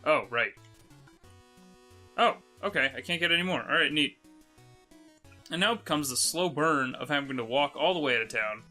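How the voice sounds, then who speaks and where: A man's voice: fairly high pitch, animated, moderate pace, long pauses, bright, forceful tone, soft background music. A man hosting a let's play, giving casual gameplay commentary in a rambling way with many fillers and casual swearing.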